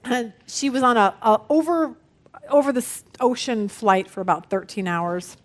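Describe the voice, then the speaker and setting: Lively woman Bible study teacher. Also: fairly high pitch, moderate pace. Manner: lively storytelling, acts out quoted people.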